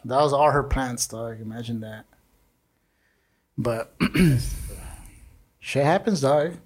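A young male podcast host speaks slowly in a mid-range voice, sharing crude party stories loaded with profanity and slang. He laughs often throughout the casual storytelling chat.

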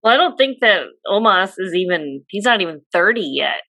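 A woman co-hosting a podcast, speaking slowly in a casual chat and laughing often. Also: medium pitch, animated, bright, forceful tone, dry recording. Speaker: podcast co-host.

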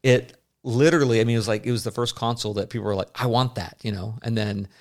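Rambling, chatty podcast dad. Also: male voice, lowish voice, steady tone, fast. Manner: rambling, chatty, many fillers. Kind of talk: casual chat.

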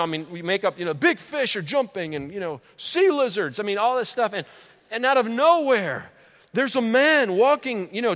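A man preaching a sermon as a pastor, telling the story in an animated way, with fillers and repeated words. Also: on the high side. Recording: long hall reverb.

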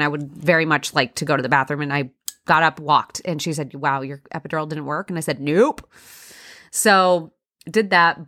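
A woman's voice: deep voice, a bit bright. A young woman hosting a podcast, candidly telling a personal story in a conversational way with many fillers. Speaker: podcast host.

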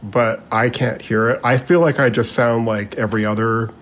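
A man's voice: medium pitch, steady tone, moderate pace, fairly bright tone. A Canadian man co-hosting a chat podcast, laughing often and rambling with lots of fillers as he talks. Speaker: podcast co-host. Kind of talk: casual chat.

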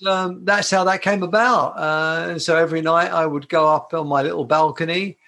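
A man's voice: a little high, steady tone, moderate pace, gravelly. Chatty older man telling stories. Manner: warm, chatty, with frequent restarts. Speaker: guitarist and performer, interview guest. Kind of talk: casual anecdotal storytelling.

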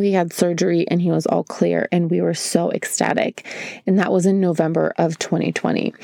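A woman's voice: on the low side, gravelly, dark tone, no echo. Earnest woman podcaster holding back tears. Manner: emotional, earnest, repeats "right?". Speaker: podcast host. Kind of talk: candid solo podcast talk.

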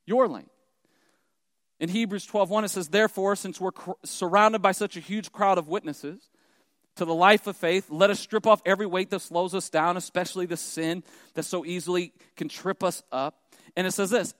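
Male pastor, high voice, emphatic sermon delivery with repeated refrains; dry close sound with long reverb tail. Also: a bit bright.

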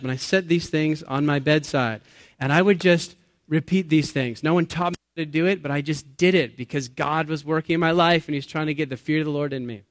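A man's voice: on the high side, no room sound, clean studio sound. Earnest, conversational male preacher. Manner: conversational and earnest, laughs at himself, asks the audience questions. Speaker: pastor. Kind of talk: sermon. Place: church or meeting hall with an audience.

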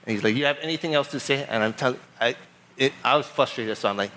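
A man preaching as pastor, telling a personal story in a casual, animated way and reading scripture aloud. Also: mid-range voice. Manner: casual storytelling, animated retelling of a traffic stop; reads scripture aloud in a measured voice. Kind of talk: sermon.

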